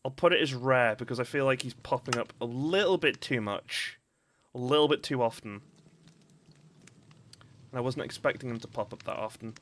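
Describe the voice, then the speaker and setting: A man's voice: mid-range voice, normal speed, pauses often, a bit bright, slight background noise. A young man with a Northern English accent, rambling and giggling through casual live-stream commentary on a game. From northern England. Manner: giggly, rambling, breaks into laughter.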